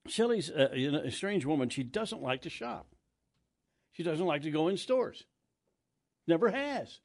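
An older man hosts a morning radio show, rambling through stories, interrupting himself and laughing easily in casual banter. His voice is on the high side, animated and a little slow, with vocal fry, recorded on a studio microphone.

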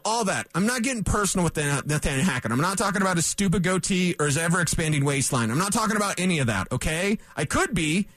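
Fired-up high-voiced sports radio man. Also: fairly bright tone, no room sound. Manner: emphatic, combative, repeats points for punch. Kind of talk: fired-up sports talk rant. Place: radio studio.

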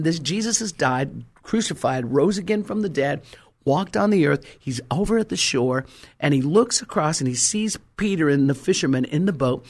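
Husky-voiced fervent male preacher. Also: a little high, a little mellow. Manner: fervent, storytelling, rhyming emphasis. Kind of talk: sermon.

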